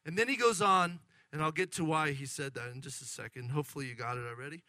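A middle-aged man preaching a lively sermon, acting out excited voices and asking the congregation questions. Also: a little high, quick pace, dry recording. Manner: animated, acts out excited voices, addresses congregation. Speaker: pastor.

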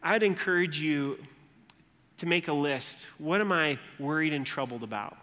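A man preaching a sermon as a pastor, animated and humorous, acting out the voices of the people in his story. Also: on the high side, moderate pace. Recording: long hall reverb.

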